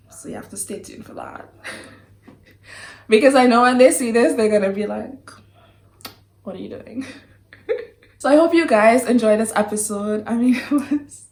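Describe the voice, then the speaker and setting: A young woman from Trinidad, chatting casually and animatedly on her vlog, laughing often. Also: fairly low pitch. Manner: giggly, animated and apologetic. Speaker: vlogger. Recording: echoey room.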